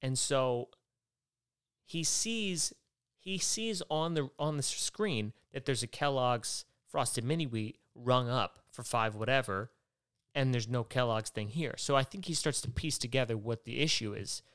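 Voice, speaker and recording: A man hosting his own podcast, ranting through a comic story with plenty of swearing. His pitch sits right in the middle for a man, and his tone stays exasperated and worked up. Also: measured pace, a bit bright, clear, resonant tone. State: worked up and tired by the end. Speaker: podcast host. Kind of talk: rambling comedic monologue.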